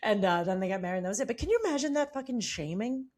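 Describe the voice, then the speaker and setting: A woman's voice: medium pitch, expressive, rapid-fire, darkish tone. A woman in her forties, a podcast co-host, chatting casually with sarcastic, swearing asides. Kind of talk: casual chat.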